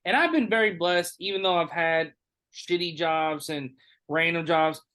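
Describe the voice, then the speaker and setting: A man hosting a podcast, telling a story in a casual, animated way with lots of swearing and acted-out dialogue. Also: on the high side, normal speed. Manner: animated, profane, acts out others' lines. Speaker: podcast host.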